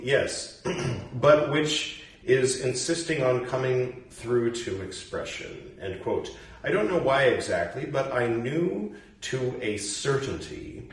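A man reads slowly in a low voice and keeps stopping to ask questions about the text. He sits back from the mic in a very echoey room. Faint noise hums behind him. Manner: reads aloud, stops to muse and question. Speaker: reader and commentator. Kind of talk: casual reading with commentary. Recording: roomy echo, distant mic, faint noise.

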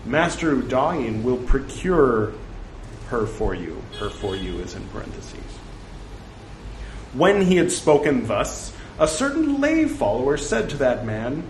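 A man's voice: medium pitch, big pitch swings, a little slow, pauses often, a little hiss or hum. A man reading scripture aloud in translation, breaking off for wry, joking asides. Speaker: reader of scripture. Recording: roomy echo, faint ambience.

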